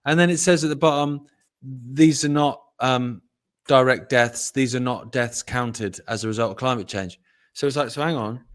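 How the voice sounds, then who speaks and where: A man's voice: medium pitch, normal speed, a bit bright. Joking man telling stories. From Britain. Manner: jokey, swearing, laughs while telling stories. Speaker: co-host. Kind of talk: casual banter.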